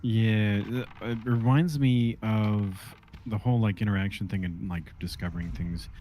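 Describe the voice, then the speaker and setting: A man's voice: lowish voice, fairly even intonation, normal speed, warm tone, a little hiss or hum. A man chatting casually while gaming, easygoing with short replies. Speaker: co-player.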